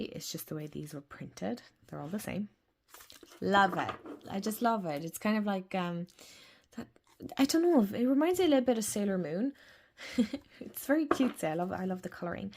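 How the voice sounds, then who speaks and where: An Irish woman hosts a tarot and oracle deck channel, chatting casually and rambling as she gushes about oracle decks. Her voice is on the low side and a little mellow, with vocal fry.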